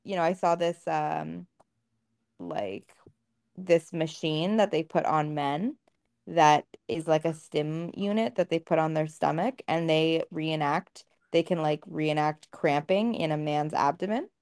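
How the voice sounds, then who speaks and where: A woman's voice: deep voice, unhurried, darkish tone. A woman co-hosting a podcast, talking candidly and casually, swearing freely and acting out what others said. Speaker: podcast co-host.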